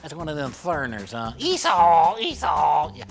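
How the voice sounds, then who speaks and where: A man voicing a wisecracking, literal-minded male puppet who mishears words and teases, with a lively, swinging pitch. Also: moderate pace, gravelly, soft background music, heavily acted. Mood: confused, teasing. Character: wisecracking, slow-witted male puppet sidekick.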